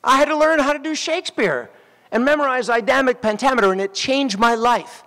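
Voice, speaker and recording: A man, an actor, giving a graduation speech and telling animated stories straight to the graduates at the ceremony. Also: very high-pitched, brisk. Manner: animated storytelling, addressing graduates directly. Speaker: commencement speaker. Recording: long hall reverb.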